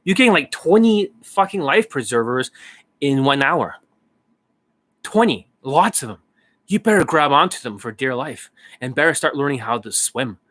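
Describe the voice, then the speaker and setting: A man's voice: mid-range voice, lively intonation, normal speed, a bit bright, dry recording. A man talking to his viewers as a dating coach in a rambling, blunt monologue, swearing casually.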